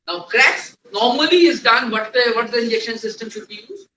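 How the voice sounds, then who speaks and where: A man's voice: extremely high pitch, expressive, a little fast, bright, forceful tone, a little hiss or hum. A man teaching a technical class, quizzing the room and repeating key points. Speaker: trainer. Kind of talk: classroom lecture. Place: lecture hall. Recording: echoey room, distant mic.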